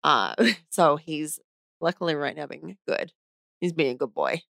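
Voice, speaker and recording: A chatty woman from Australia in her thirties talks casually with her partner, laughing easily and leaning on "like". Her voice sits a little low for a woman. The recording is close and dry, with no room sound. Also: measured pace, creaky, a bit bright, no room sound. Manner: chatty, laughs often, uses "like" a lot. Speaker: podcast guest, host's wife. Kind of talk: casual chat.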